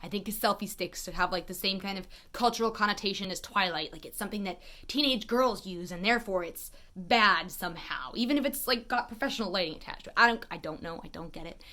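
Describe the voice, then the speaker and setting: A woman photographer telling stories in a casual vlog, animated and wry, with lots of "like" fillers. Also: mid-range voice, fast talker, hardly any pauses. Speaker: photographer and vlogger.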